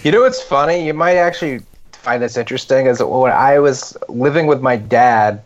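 A man co-hosts a comedy podcast, spinning loose, rambling stories with animated delivery and plenty of fillers. His voice is mid-range and his pace moderate, heard through dull lo-fi podcast audio.

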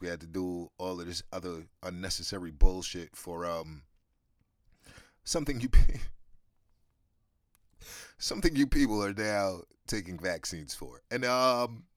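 A man with a very deep, low voice delivers a rambling, profane rant as a show host, laughing as he goes. The sound is dry and close, with no room around it. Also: a bit bright, no echo. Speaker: podcast host. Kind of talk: casual ranting monologue. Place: New York.

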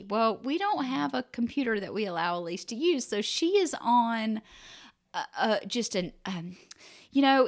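Lively woman telling parenting stories. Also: a little high. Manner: animated storytelling, acts out quotes. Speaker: podcast co-host. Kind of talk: casual chat.

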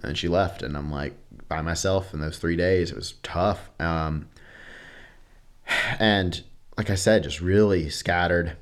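A man's voice: low voice, measured pace, pauses often. A man in his thirties, a podcast guest telling a personal story candidly, acting out quotes and swearing casually.

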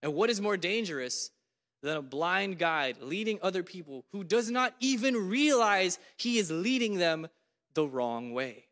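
A man preaching a sermon in a church, lively and dramatic, acting out what God says. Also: high voice, unhurried, long reverb tail. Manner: animated, voices God in dramatic quotes.

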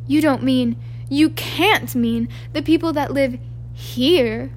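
A woman's voice: high voice, moderate pace, a little hiss or hum, close to an everyday voice. A woman reading an audiobook, voicing a stern older female witch professor with a tense, trembling, emphatic manner. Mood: indignant.

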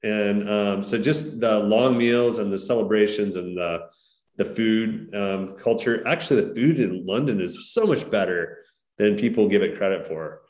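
Guest, middle-aged American man, low voice, easygoing storyteller, roomy echo on the line. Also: moderate pace. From United States. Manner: relaxed, friendly storytelling with "um" and "you know". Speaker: guest entrepreneur. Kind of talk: podcast interview. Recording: echoey room.

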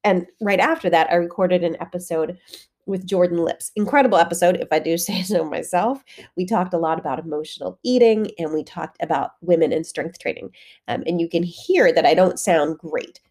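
A woman fitness coach hosts her own podcast in a solo monologue, her voice low-ish, fairly quick and darkish, congested with a head cold. She speaks candidly and conversationally, with frequent fillers.

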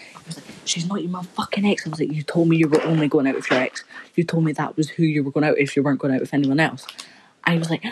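Young woman, low-pitched podcast co-host, rambling and foul-mouthed, faint background noise. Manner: rambling, swearing storyteller. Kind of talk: casual chat.

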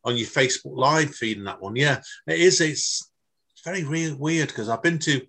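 Husky interviewer, chatty. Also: male voice, mid-range voice, normal speed, bright, forceful tone. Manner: chatty, enthusiastic, loose phrasing. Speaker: podcast interviewer. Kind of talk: casual interview chat.

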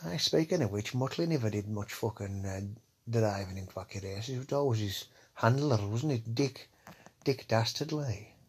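A podcast host with a medium-pitched, lively voice talks at normal speed over a little hiss or hum. His casual comedy monologue is rambling and crude, packed with swearing and lines tagged with "eh?".

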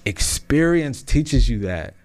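A man's voice: mid-range voice, sing-song, slow pace, darkish tone. A man in his thirties hosting a podcast, delivering a casual motivational monologue with slang and many restarts that builds to emphatic peaks. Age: 30s. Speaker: podcast host.

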